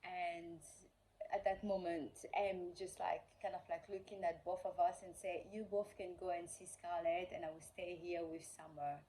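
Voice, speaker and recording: A woman's voice: fairly low pitch, fairly even intonation, moderate pace, mellow, slight background noise, poor audio. A woman vlogger casually telling a personal story, rambling with lots of fillers and acting out the quoted dialogue. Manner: rambling, heavy on fillers like "like" and "you know".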